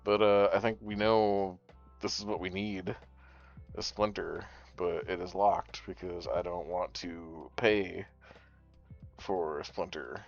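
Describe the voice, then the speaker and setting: A man streaming a card game, chatting casually with his viewers in a rambling way and swearing freely. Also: sits low. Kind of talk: casual gaming commentary. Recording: dull lo-fi stream audio with faint music.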